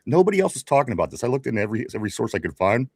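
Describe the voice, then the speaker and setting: A man's voice: medium pitch, very animated, rapid-fire, darkish tone, slightly rough, no echo, studio quality. A man in his forties co-hosting a casual sports talk show with a Pittsburgh accent, rambling, repeating his greetings and laughing often. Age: 40s. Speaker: podcast co-host.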